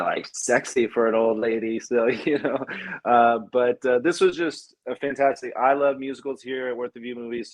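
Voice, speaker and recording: A man hosting a casual film podcast, talking enthusiastically and restarting his sentences as he goes. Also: medium pitch. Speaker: podcast host.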